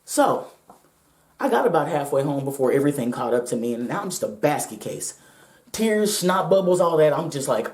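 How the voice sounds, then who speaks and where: A woman's voice: deep voice, sing-song, normal speed, a little mellow, echoey room. A woman vlogger telling a personal story to her viewers, blunt, profane and emphatic, her voice shaking with nerves.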